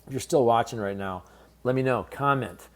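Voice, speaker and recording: Male sports commentator, casual fan-facing vlog delivery, mid-range pitch, candid. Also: normal speed. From based in St. Louis. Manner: conversational, candid, fan-focused.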